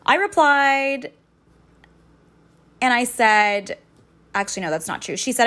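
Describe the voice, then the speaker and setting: A woman's voice: on the high side, lively intonation, slow, long pauses, fairly bright tone. A young woman telling a personal story in a casual vlog, swearing freely and sounding indignant as she recounts it.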